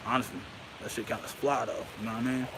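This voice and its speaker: A man's voice: mid-range voice, quick pace, creaky, noisy background. A man rambling grandly and profanely into a handheld phone outdoors, peppering his talk with "you know what I mean". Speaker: vlogger.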